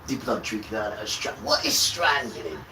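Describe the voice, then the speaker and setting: A man on a livestream delivering an impassioned religious rant, preachy and accusing. He swings from loud outbursts to low muttering. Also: lively intonation, normal speed. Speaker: livestream host. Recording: roomy, distant mic with loud background noise.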